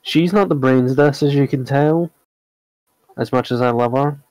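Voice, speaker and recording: A man's voice: mid-range voice, normal speed, darkish tone, dry recording, low-quality recording. Man narrating as game master.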